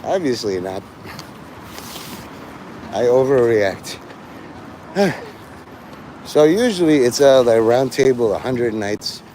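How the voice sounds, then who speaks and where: A man's voice: medium pitch, expressive, takes it slowly, long pauses, dark tone, a little hiss or hum. A man streaming live, rambling through jokes and stories, laughing often and swearing freely.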